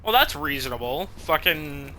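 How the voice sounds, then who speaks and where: Young male streamer, bright tense tone, swears freely, laughs easily. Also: fairly high pitch, lively intonation, normal speed. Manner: swears a lot, laughs at his own jokes. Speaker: streamer playing a game. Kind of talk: casual gameplay commentary.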